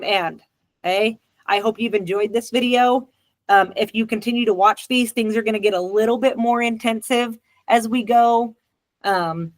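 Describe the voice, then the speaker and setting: A woman's voice: medium pitch, no room sound. Blunt, direct woman therapist teaching. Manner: direct, blunt, repeats key phrases for emphasis. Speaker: licensed clinical social worker, channel host. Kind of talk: casual therapy skills lesson to camera.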